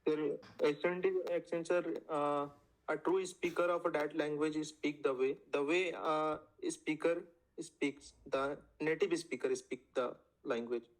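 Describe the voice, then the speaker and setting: A man's voice: fairly high pitch, fairly even intonation, measured pace, poor audio. A young man answering his teacher in class, hesitant and often saying sir. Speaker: student. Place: lecture classroom.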